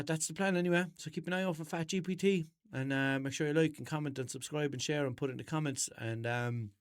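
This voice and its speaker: A man's voice: medium pitch, no echo, studio quality. A young Irish man hosting a comedy podcast, rambling through an unscripted bit in a jokey, mock-serious way. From Ireland. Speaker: podcast host.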